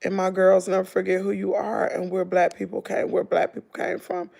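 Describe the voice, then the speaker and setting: Gravelly-voiced Southern woman chatting to viewers. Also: medium pitch, a little fast. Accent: Southern American English. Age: middle-aged. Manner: animated storytelling, mimics her daughter, talks to viewers as "girl" and "y'all". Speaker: vlogger. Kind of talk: casual livestream chat.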